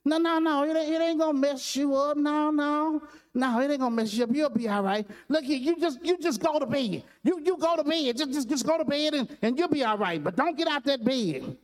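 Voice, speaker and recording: A man voicing a gruff, hot-tempered Marine sergeant who scolds and stammers in a high, strained voice while retelling a story in a sermon. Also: lively intonation, brisk, hardly any pauses. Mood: flustered.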